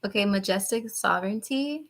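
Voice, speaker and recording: Young woman w/ aave hosting a tarot live, bright voice, swears a lot, jumps topics and squeals up high. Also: moderate pace. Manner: chatty, profane, laughs often, talks to chat; jumps between topics with sudden high-pitched bursts. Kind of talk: casual live-stream chat and tarot reading.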